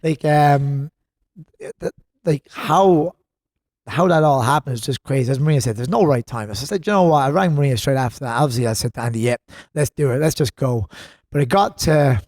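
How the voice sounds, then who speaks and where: A man's voice: mid-range voice, fairly quick, darkish tone, no echo, studio quality. An Irish man in his thirties, a gym co-owner chatting as a podcast guest, telling rambling stories. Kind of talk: casual podcast chat.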